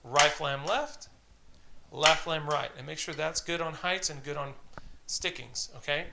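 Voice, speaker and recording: A man's voice: fairly high pitch, measured pace, vocal fry, background noise. A man teaching drum rudiments, patiently calling out stickings and counting in exercises. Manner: patient, encouraging, counts aloud and calls out stickings. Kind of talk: instructional tutorial, counting off exercises.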